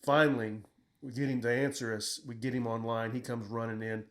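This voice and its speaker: A man's voice: mid-range voice, level tone, fairly quick. Blunt, profane middle-aged man telling war stories. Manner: profane, blunt, quotes himself in raised voice. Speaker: military veteran recounting combat. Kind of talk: casual storytelling conversation.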